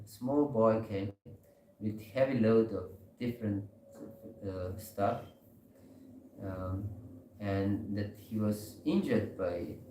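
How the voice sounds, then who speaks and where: A man giving a sermon in a temple hall, telling a story slowly with many pauses and soft laughs. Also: lowish voice, distant mic, slight background noise. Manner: slow storytelling with frequent pauses and hesitations, laughing softly. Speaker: speaker giving a scripture class.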